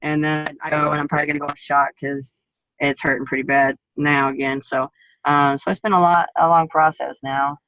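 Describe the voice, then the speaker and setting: A woman MMA fighter tells her story in a blunt, profane and vivid way. Her voice is bright and forceful. The sound is dry and close, with a dull lo-fi quality. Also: low-pitched, little pitch movement, fairly quick, no echo. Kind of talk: casual interview storytelling.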